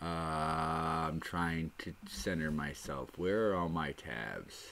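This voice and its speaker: A man's voice: very deep voice, takes it slowly, fairly bright tone, a little hiss or hum. A man hosting a solo podcast, rambling in a scattered, self-mocking way. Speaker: podcast host. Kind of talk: rambling solo comedy monologue.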